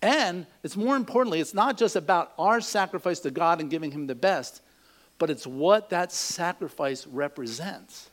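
A man's voice: a little high, lively intonation, normal speed. A man preaching a sermon, telling a joke in a folksy storytelling way before teaching from scripture. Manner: folksy storytelling, acts out voices in jokes. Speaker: pastor.

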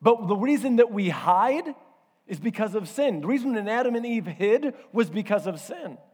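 A man's voice: sits high, animated, moderate pace, darkish tone, husky. A man preaching a sermon in a conversational, storytelling way, with self-deprecating asides. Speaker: pastor. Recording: reverberant hall.

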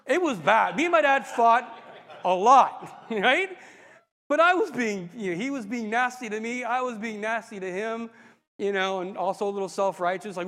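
Man, pastor, sermon testimony, high voice, expressive, long hall reverb. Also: fairly quick. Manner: animated, expressive storytelling with frequent asides.

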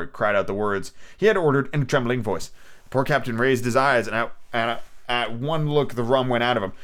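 A man's voice: mid-range voice, fairly bright tone. A man casually reading a classic adventure story aloud as host, with irreverent asides and frequent stumbles and rereads. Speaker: audiobook narrator and podcast host.

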